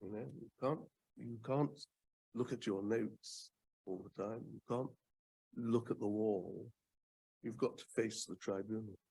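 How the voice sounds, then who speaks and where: An older man from the United Kingdom speaks in a fireside chat with a husky, lowish voice. He is measured and unhurried, hesitating with ums and repeating words to drive a point home. He speaks as a seasoned former advocate. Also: mellow.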